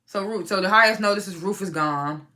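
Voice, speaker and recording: A woman casually recapping a TV episode, profane and animated, often laughing and acting out the characters' lines. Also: medium pitch, normal speed. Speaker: TV recap reviewer.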